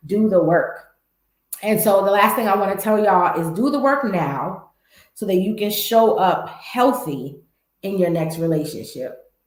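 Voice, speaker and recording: A woman's voice: medium pitch, expressive, measured pace. Candid woman with an echoey sound. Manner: candid, emphatic, talks straight to viewers. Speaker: host. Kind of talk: motivational vlog talk.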